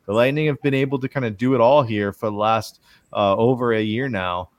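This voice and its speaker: Man, host, casual sports chat, relaxed and chatty, dry close sound, easygoing rambling delivery. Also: medium pitch, brisk, no echo. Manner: relaxed, chatty, many fillers. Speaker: host of a hockey stream.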